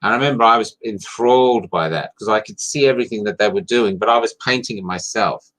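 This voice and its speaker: A man's voice: fairly low pitch, fast, fairly bright tone, poor audio. A man, a playwright chatting casually and telling rambling, enthusiastic stories about his theatre work. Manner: enthusiastic storyteller, rambling with restarts. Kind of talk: casual chat.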